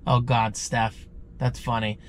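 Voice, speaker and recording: A man's voice: mid-range voice, flat delivery, slow pace, slight background noise. A man vlogging casually, sounding congested and rambling in a chatty, self-deprecating way. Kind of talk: casual vlog chat.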